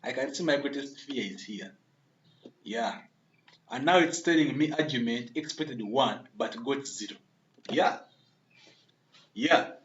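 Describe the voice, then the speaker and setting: A man's voice: medium pitch, measured pace, pauses often, reverberant, muffled recording. A man giving a screen-recorded coding tutorial, thinking aloud, repeating himself and often checking in with a questioning "okay?" while he addresses viewers as members.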